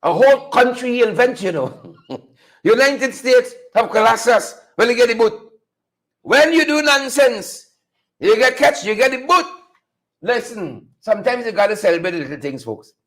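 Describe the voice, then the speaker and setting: A man's voice: very high voice, animated, normal speed, fairly bright tone. A man hosting a solo political commentary show, talking straight to his audience, repeating phrases and mocking the people in the news. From Guyana. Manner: mocking, playful, laughs.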